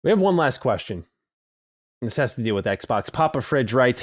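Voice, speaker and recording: Male podcast co-host, mid pitch, animated and casual, dry close mic. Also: normal speed, no echo. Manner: animated, swears, reads listener mail.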